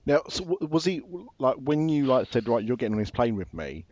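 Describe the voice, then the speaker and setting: A man hosts a podcast in a lively, swooping voice, cracking jokes and stumbling over repeated words. The recording is dry and slightly dull, with a touch of lo-fi muffle. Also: mid-range voice, fairly quick, no echo. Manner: animated, joking, repeats words as he goes. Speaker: podcast host. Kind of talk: casual chat, interviewing.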